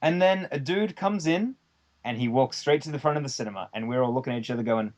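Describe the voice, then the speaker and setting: A man of middle pitch talks his way through a long story as a podcast guest. His delivery is loose and conversational, full of fillers and the odd curse as he builds the tale. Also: fast talker, a little mellow, highs cut off. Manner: rambling anecdote with many fillers and casual swearing. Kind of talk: casual storytelling chat.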